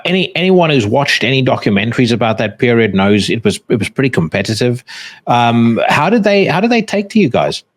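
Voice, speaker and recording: A man's voice: mid-range voice, sing-song, a little fast. A man hosting a podcast, asking a guest curious, carefully worded questions. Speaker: podcast host. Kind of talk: interview questions.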